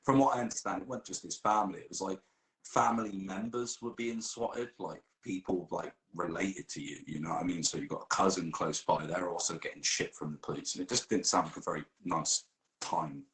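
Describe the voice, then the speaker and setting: A man's voice: low-pitched, a little fast, a bit bright, roomy sound, low-quality recording. A man telling a comic story during role-play, swearing a lot and laughing as he goes.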